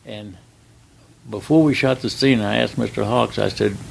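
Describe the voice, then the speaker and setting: A man's voice: lowish voice, normal speed, creaky, poor audio. An older man, a stuntman, telling rambling folksy stories in a casual interview, with plenty of "uh"s. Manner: folksy, rambling anecdotes with frequent "uh" and acted-out dialogue.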